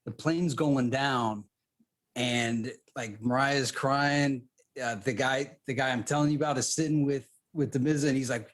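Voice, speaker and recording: A man co-hosting a podcast, telling a story in casual chat with lively restarts. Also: medium pitch, a little slow. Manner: animated storytelling, restarts often. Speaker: podcast co-host.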